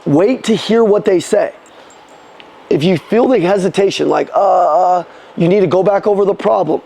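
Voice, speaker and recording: A man's voice: high voice, creaky, warm tone. A man leading a live sales seminar, coaching the room with punchy call-and-response lines and casual, sometimes swearing talk. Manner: casual, swears, quick restarts. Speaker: sales trainer.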